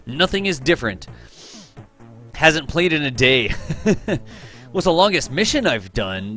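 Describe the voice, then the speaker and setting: A man's voice: mid-range voice, fairly bright tone. A man hosting a live game stream, chatting casually with his viewers, greeting them by name, teasing them and laughing often.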